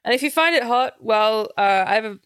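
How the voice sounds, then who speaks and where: A woman's voice: on the high side, expressive, a little fast, a bit bright, clean tone, dry recording. Laughing woman, dry close sound. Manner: candid, laughs often, rambling asides. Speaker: podcast co-host. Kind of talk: casual chat.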